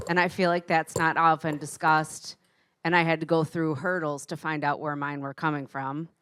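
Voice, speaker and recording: A woman in the audience asks her question politely and gratefully. Her voice is low, smooth and resonant, and it sounds dry and close to the microphone. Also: fairly bright tone, no room sound. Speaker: audience member asking a question. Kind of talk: audience question at a live panel.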